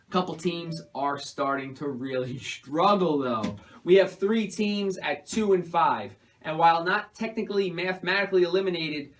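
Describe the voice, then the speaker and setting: Man, host, high voice, casual sports recap, upbeat, chatty banter. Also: fairly bright tone, slight background noise, poor audio.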